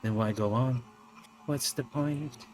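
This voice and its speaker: A man voicing a haunting dead woman who softly accuses her former lover, read from a game. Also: medium pitch, slow pace, faint music behind, close to an everyday voice, low-quality recording. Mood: hushed accusing.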